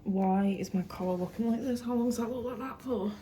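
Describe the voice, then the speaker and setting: A woman's voice: a little high, brisk, warm tone, slight background noise. A woman vlogging from a hotel room, rambling chattily with plenty of fillers. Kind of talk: casual chat to camera.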